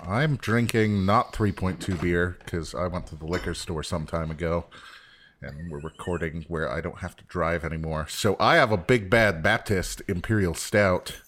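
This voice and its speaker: A man's voice: deep voice, moderate pace, fairly bright tone, a little hiss or hum. A man hosting a podcast, chatting casually and joking with friends over beers, rambling with fillers. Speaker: podcast host.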